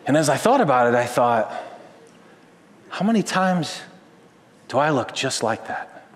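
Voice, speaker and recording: A man preaching a sermon as a pastor, animated, swinging between loud emphasis and hushed tones. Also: mid-range voice, a little slow, a little hiss or hum. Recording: long reverb of a large hall.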